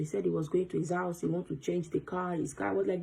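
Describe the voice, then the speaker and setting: A woman telling a personal story to camera in a storytime vlog, fast and breathless, acting out the voices of the people she quotes. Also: lowish voice, fairly even intonation, creaky, mellow, poor audio. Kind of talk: storytime vlog, recounting an experience.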